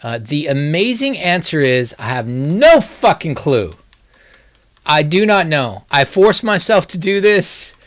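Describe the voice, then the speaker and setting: A man streams a game live and keeps up a rambling, wry commentary, poking fun at himself. His slightly high voice swings widely in pitch, unhurried and fairly bright, in a dry recording.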